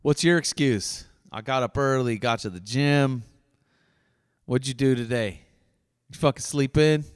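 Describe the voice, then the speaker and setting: A man's voice: medium pitch, measured pace, long pauses, smooth. A middle-aged man hosting his own podcast, delivering a blunt, profane solo rant. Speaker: podcast host. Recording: dry voice with long reverb tail.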